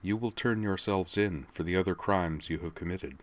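A man voicing a young female vigilante who speaks quietly and slowly with cold menace. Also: deep voice. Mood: menacing. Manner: quiet, slow and threatening.

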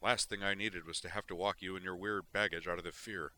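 A man's voice: low-pitched, steady tone, a little fast, pushed and bright. A man reading as a brusque, imperious starship officer making demands. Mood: impatient.

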